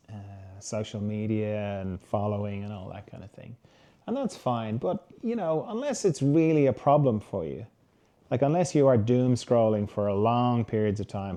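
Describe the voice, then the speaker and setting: A man hosting a reflective solo talk, speaking gently and conversationally and sometimes acting out the inner voices of his listeners. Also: mid-range voice. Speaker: host.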